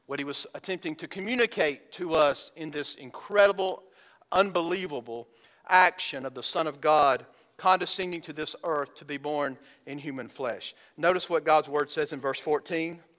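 A man preaching a sermon to his congregation, talking to them directly and drawing out key words slowly for emphasis. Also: on the high side, sharp tone. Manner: addresses congregation directly as folks. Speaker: pastor.

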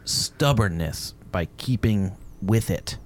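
Joking, profane man with a lively voice. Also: fairly low pitch, slow. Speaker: podcast co-host. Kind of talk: casual chat.

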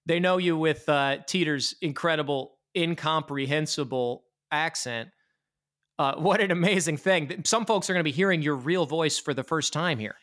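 Man, podcast co-host, casual and excitable, slightly higher voice. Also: normal speed. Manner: enthusiastic, laughs often.

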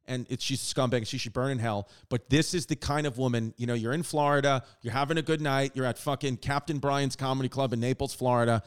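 A man's voice: mid-range voice, fast talker, few pauses, clear, resonant tone. A man co-hosting a casual comedy podcast, telling rambling, profane stories with lots of restarts. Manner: rambling, profane, animated storytelling. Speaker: podcast co-host.

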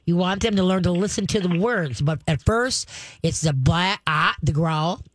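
A woman's voice: on the low side, normal speed, dry recording. A woman hosting a call-in radio show about dogs, giving training advice and acting out growls and dog voices as she talks.

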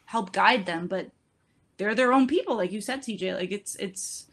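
A woman's voice: medium pitch, normal speed, fairly bright tone, breathy edge. A woman hosting a podcast, talking in a chatty, rambling way full of fillers. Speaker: podcast host. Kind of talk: casual chat.

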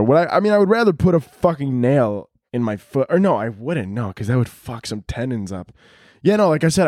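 A man's voice: medium pitch, darkish tone, dry recording, clean studio sound. Joking, profane young man on a podcast. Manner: crude, profane, joking, quick and rambling. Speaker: podcast host. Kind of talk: casual solo podcast storytelling.

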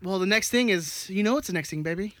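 A man with a high voice jokes and teases his way through a casual podcast chat. His tone is bright and forward. He is recorded close and dry on a studio mic. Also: quick pace, no room sound. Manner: teasing, joking. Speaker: podcast co-host.

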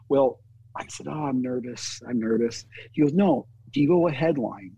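Husky man telling a lively story. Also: medium pitch, no echo, rough recording. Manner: animated anecdote teller, acts out quotes. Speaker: music booking agent. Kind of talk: storytelling interview.

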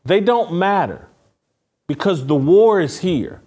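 A man's voice: high voice, animated, slow pace, darkish tone, husky. A man hosting a political talk show, speaking fervently with frequent restarts. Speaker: podcast host.

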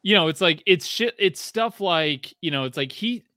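Casual podcast talker, profane rambling man, slightly high, tense tone. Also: moderate pace, no echo, clean studio sound. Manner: rambling, profane, many fillers and restarts; animated storytelling with voiced quotes. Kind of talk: casual chat.

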